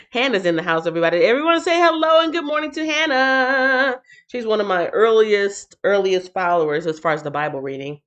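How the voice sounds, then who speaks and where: A woman from the northern United States hosts a live stream, chatting casually with viewers, reading the Bible aloud and laughing often. Her medium-pitched voice is expressive and fairly bright at a normal pace, heard through slightly dull lo-fi stream audio.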